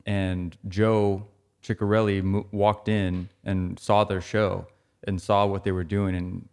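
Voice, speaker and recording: A man's voice: deep voice, flat delivery, slow, darkish tone, clean tone. A young man co-hosting a casual music podcast, telling a band's story with hesitant restarts. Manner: storytelling, hesitant, self-correcting. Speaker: podcast co-host. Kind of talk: casual chat about music.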